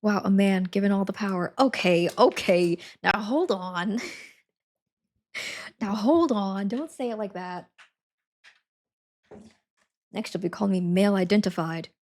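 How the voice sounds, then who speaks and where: A woman's voice: mid-range voice, a little mellow. Woman streamer, casual chat, giggly, talks to viewers while packing, home setup. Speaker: livestreamer.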